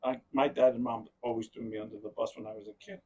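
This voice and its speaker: A man's voice: medium pitch, fairly even intonation, quick pace, a little mellow, breathy edge, muffled recording. A man hosting a podcast, telling a long rambling story in casual chat and often breaking into laughter. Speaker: podcast host.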